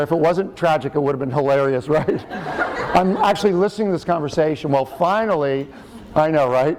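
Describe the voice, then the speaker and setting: A man's voice: fairly high pitch, brisk, background noise. A middle-aged man giving a talk, telling a personal story in a chatty, joking way with frequent fillers and restarts. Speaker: speaker and author.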